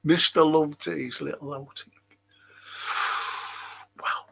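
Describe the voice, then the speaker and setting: Slow-talking gravelly man hosting a stream. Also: fairly high pitch, fairly even intonation, sharp tone. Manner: chatty and jokey, greeting viewers by name. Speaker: historian hosting a live stream. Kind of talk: casual live-stream chat.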